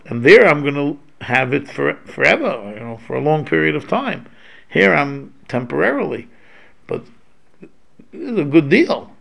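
A man's voice: medium pitch, gravelly, fairly bright tone. A man giving an informal religious lecture, talking in a loose conversational way with many restarts and Hebrew terms mixed in. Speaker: Torah teacher.

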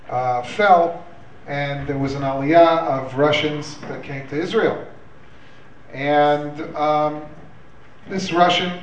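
A man's voice: a little high, a little hiss or hum. A man hosting a live community evening, chatty and hesitant, mixing Hebrew words into his English. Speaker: event host and organizer. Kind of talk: live event talk with a joke. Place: hall at an evening community event. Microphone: handheld microphone, away from the recorder. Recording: echoey hall, voice from far off.

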